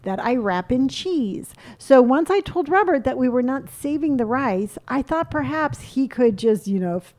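A woman's voice: high-pitched, expressive, normal speed, a little mellow. A woman telling a story in casual chat, playful and often laughing.

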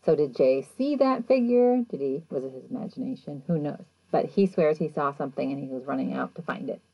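A woman's voice: deep voice, a little fast, creaky, no echo, lo-fi sound. A woman hosting a podcast, recapping an episode in a casual, chatty way and acting out the people in it. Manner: chatty, animated retelling with quoted voices. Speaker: podcast host.

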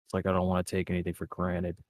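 Laid-back slangy young man, low voice. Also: monotone, very fast, dry recording. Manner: laid-back and slangy, heavy on filler words. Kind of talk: casual chat.

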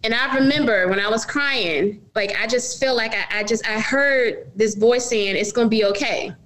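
A middle-aged businesswoman speaks with a fairly high voice, earnest and candid as she tells her story in an interview. She often turns to her listeners and calls them y'all. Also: normal speed, fairly bright tone, poor audio. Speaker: business owner, guest.

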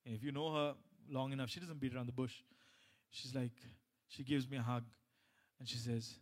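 Male pastor delivering a sermon, rising to loud high emphasis, dropping low for stories, mid pitch. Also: steady tone, moderate pace. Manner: swings from loud emphatic preaching to quiet personal storytelling; many restarts and repeated phrases.

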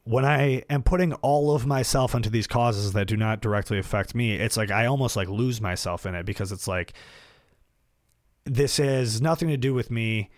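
A man's voice: mid-range voice, normal speed, dry recording, studio quality. A young man talking casually and reflectively to his audience, rambling with many fillers and restarts. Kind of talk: casual personal monologue.

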